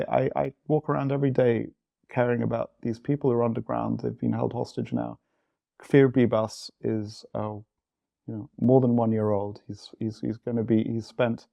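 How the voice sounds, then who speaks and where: Fifties male interview guest, dark gravelly tone, reflective and halting. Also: medium pitch, no echo. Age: 50s. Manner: candid, halting, with frequent restarts. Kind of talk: reflective personal storytelling.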